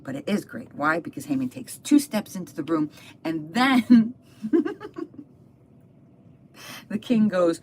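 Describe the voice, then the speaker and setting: Brief: low-pitched woman teaching scripture, lively and conversational, retelling a story with asides. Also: normal speed, a little hiss or hum. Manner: animated, chatty asides. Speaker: Bible teacher. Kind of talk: live Bible story retelling.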